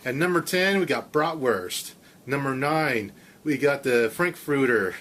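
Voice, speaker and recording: A man putting on a famous radio countdown host's voice for a mock countdown, with a drawn-out, announcer-like delivery. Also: medium pitch, expressive, a bit bright. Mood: showy. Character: adult male countdown radio DJ impression, slow and showy.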